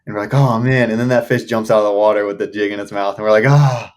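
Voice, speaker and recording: A young man from the Shenandoah Valley, a podcast guest telling fishing stories in a casual, excited way, often laughing as he talks. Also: on the low side, racing. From Shenandoah Valley, Virginia. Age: young adult. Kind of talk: casual storytelling.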